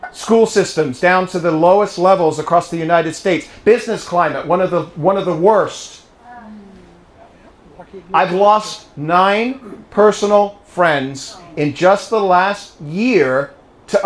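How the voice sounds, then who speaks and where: This high-pitched English-born man, British accent intact, is a guest speaker giving a political speech to a club audience. He tells stories, rallies and quizzes the live crowd in an echoey private-home room, with a little hiss or hum on the recording.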